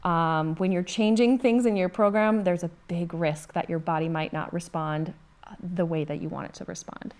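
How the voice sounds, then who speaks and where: A woman's voice: lowish voice, steady tone, normal speed, darkish tone. Earnest Minnesotan woman coach. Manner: earnest, many ums and restarts. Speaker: guest, bodybuilder and coach. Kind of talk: casual podcast chat.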